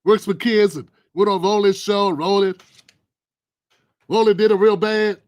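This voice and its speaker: A man's voice: sits high, fairly even intonation, a little slow, no room sound. A middle-aged man hosting a livestream, ranting through political commentary in a blunt, aggressive and profane way. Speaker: livestream host.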